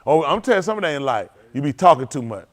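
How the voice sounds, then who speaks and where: A male pastor telling stories from the pulpit, his voice swinging widely up and down. He sits a touch higher than most men and laughs easily, looping back over his own phrases as he acts out what others said. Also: quick pace. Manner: animated folksy storytelling with frequent laughter; repeats and restarts phrases, acts out quotes. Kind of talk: storytelling sermon.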